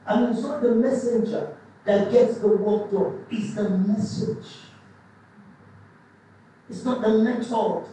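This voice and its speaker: Emphatic preacher in a booming hall. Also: male voice, warm tone, slight background noise. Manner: emphatic, repetitive, with restarts. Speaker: pastor. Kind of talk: sermon. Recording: echoey hall, mic at a distance.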